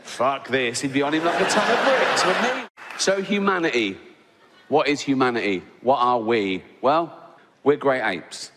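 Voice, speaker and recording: An English man doing stand-up comedy on a theatre stage in a conversational style, often adding "right?" and jumping into high, laughing voices. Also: animated, measured pace, fairly bright tone, slight background noise. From England. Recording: live hall with audience.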